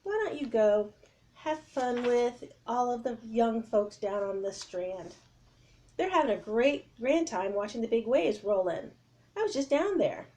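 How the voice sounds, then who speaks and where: A cheerful storybook policeman, put on by a woman reading aloud speaks in a kindly, reassuring way. He sounds sure of himself and is fairly high-pitched for a man. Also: expressive, unhurried, mellow. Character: jolly, kindly male police officer.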